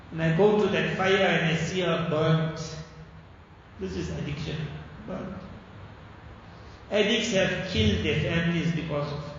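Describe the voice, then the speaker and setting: A man's voice: sits high, steady tone, normal speed, slight background noise. A man preaching a sermon, telling a story with feeling and acting out the speech of its people. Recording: echoey hall with dull sound.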